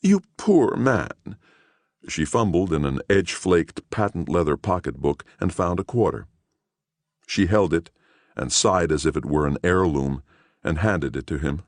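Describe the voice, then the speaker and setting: A man narrating an audiobook in a measured storytelling manner. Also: a bass voice, no room sound, studio quality. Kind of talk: scripted narration.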